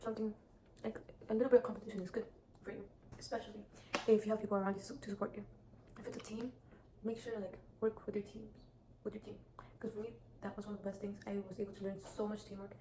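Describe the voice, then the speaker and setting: Teen girl vlogger, flat delivery, rambling and chatty, echoey room with steady background noise. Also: medium pitch, fast talker, few pauses. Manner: rambling, chatty, many restarts and "like" fillers. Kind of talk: casual advice vlog.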